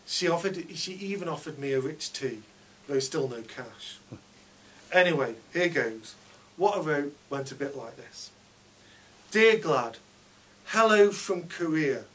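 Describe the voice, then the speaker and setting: A man's voice: a little high, lively intonation, unhurried, a bit bright, distant mic, a little hiss or hum. A man reading his own story aloud at a fiction night, in a chatty child narrator's voice.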